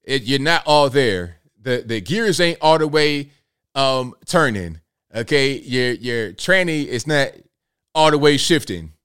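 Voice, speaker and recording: A man's voice: mid-range voice, animated, unhurried, fairly bright tone, clear, resonant tone. A man hosting a casual live stream commentary, talking straight to viewers in folksy slang.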